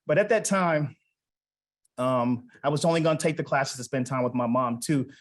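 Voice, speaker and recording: Man, 40s, mid-pitched, conversational speaker at an awards event, storytelling with asides to the audience. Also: normal speed, rough recording. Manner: conversational, retells family dialogue, asks the audience questions. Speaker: award recipient giving a speech. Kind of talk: personal storytelling speech. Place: event hall.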